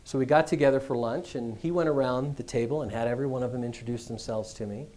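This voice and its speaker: Mellow-voiced middle-aged man giving a talk. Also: medium pitch, fast talker. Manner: conversational storytelling, animated. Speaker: guest speaker. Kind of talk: business school address.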